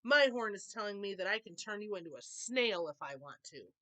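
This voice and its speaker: A woman voicing a clever, bold young female unicorn in a storybook read-aloud, speaking calmly and firmly. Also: medium pitch, fairly quick. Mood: confident. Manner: calm, confident, firm.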